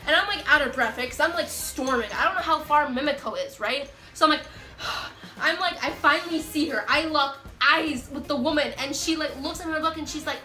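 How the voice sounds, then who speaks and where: A young woman telling a storytime vlog in an animated, excitable, self-mocking way. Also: high voice, echoey room. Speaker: vlogger.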